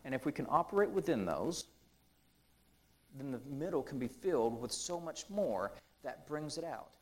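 A man preaching a conversational sermon, chatty and full of ums and asides, who slows down to read scripture aloud. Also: mid-range voice, big pitch swings, a little mellow, low-quality recording.

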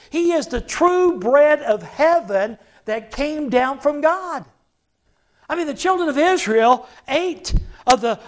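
A pastor preaching a sermon to a church, stressing phrases by repeating them and leading the congregation in call-and-response. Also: medium pitch.

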